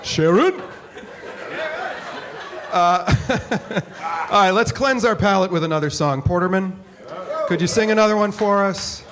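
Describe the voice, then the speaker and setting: A man's voice: sits high, measured pace, pauses often. A man hosting a live stage show, bantering playfully with laughter between acts. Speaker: host of a live tavern performance. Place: live performance hall with audience. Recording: live recording with noisy crowd.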